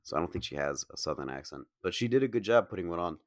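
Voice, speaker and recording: A man's voice: deep voice, lively intonation, very fast, no room sound, studio quality. A man co-hosting a podcast, chatting casually about movies in a blunt, critical way and swearing freely. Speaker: podcast co-host. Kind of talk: casual film discussion.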